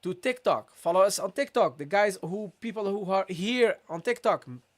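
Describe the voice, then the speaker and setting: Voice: medium pitch, animated, normal speed. A teacher giving a live-streamed language lesson, drilling pronunciation by repeating each sound and checking in with listeners again and again. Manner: drills sounds by repeating them, constantly checks with "okay?" and "guys". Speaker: Arabic teacher.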